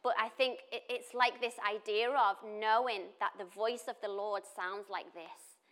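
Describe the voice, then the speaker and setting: A woman preaches to her church in a relaxed, conversational way. She breaks off into asides and restarts her sentences, with her pitch in the middle range. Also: measured pace. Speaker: church speaker. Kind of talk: sermon.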